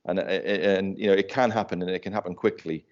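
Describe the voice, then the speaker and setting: A man's voice: deep voice, steady tone, fairly quick, a little mellow. A man chatting casually on a finance podcast panel, telling anecdotes and laughing often. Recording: slightly muffled audio.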